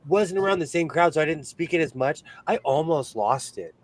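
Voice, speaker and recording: Man, sewing livestream host, from California, casual chat, laughs often, slightly high voice. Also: expressive, moderate pace. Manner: chatty, laughs often, reads chat aloud.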